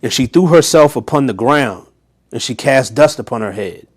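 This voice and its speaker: A man's voice: mid-range voice, expressive, moderate pace, husky. A man leading a Bible study, reading scripture aloud and breaking off into casual, slangy commentary and pointed questions to his listeners. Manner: direct, rhetorical questions to listeners.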